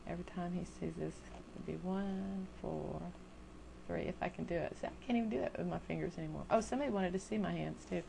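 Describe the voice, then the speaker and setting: Talking fast in a fairly low, gravelly voice over a noisy background, an older woman rants casually to her webcam at home. As a video blogger, she comes across as chatty, exasperated, and self-mocking.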